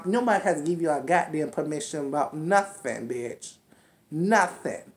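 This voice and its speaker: Deep and lively, a woman talks at a normal speed as she furiously recaps a reality show. She swears and scolds the cast directly, as though they could hear her rant.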